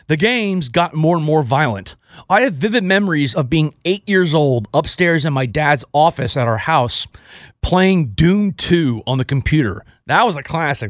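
A man from Houston, Texas, hosting a radio show in a casual, energetic, joking style. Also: on the high side, no echo, clean studio sound. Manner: energetic, joking, self-deprecating.

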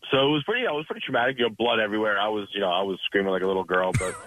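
A man calls into a radio show and tells his story fast, rambling along with plenty of fillers. His voice sits low. The line sounds muffled and dull. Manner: rambling, fast, full of you-knows. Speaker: caller. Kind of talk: phone-in story.

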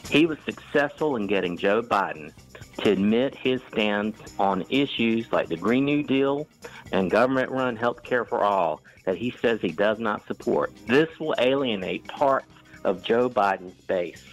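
A man's voice: fairly low pitch, animated, moderate pace, soft background music, poor audio. A man calling into a radio show and firmly making his political argument. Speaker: caller.

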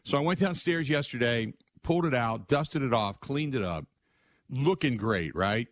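A middle-aged man hosting a sports radio show, telling stories in an excitable, conversational way and acting out other people's lines. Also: medium pitch, normal speed, no room sound. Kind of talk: animated storytelling monologue.

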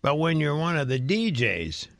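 A man's voice: on the high side, sing-song, normal speed, gravelly, a bit bright, no echo, studio quality. A middle-aged man, a radio host, chatting casually and reminiscing with his co-host. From United States. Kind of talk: casual chat.

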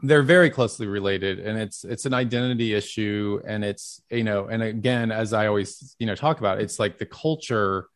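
A man's voice: on the low side, moderate pace, few pauses. A male podcast host talking in a heartfelt, rambling way, with many "like"s and restarts. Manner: heartfelt, rambling, says "like" often. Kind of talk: casual interview chat.

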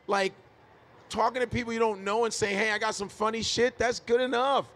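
A man's voice: high voice, steady tone, brisk, fairly bright tone. A man from Chicago, a stand-up comedian telling stories as a guest on a live podcast, swearing freely and laughing often. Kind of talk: casual interview chat.

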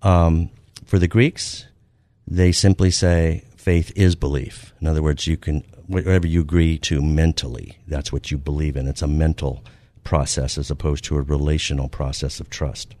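A man with a very low, mellow voice teaches his show's listeners point by point. He talks in a measured way, leans on the key words, and fills his pauses with ums and uhs. The sound is close and dry. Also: steady tone, no room sound. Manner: measured, stresses key words, frequent fillers. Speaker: radio show host and author. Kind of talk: teaching talk comparing ideas point by point.

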